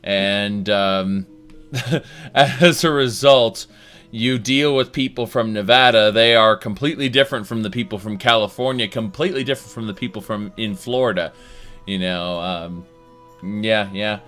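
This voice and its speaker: A man with a bright, forceful voice rambles through a casual game chat, full of ums and offhand curses. Faint music sits under his talk. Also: fairly low pitch, normal speed. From Colorado. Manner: rambling, swears casually, many fillers. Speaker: stream host.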